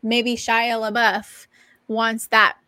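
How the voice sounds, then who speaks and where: A woman's voice: on the high side, little pitch movement, slow pace, sharp tone, no echo. A young adult woman co-hosting a podcast, telling stories in a casual, profane, emphatic way. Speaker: podcast co-host. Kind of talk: casual chat.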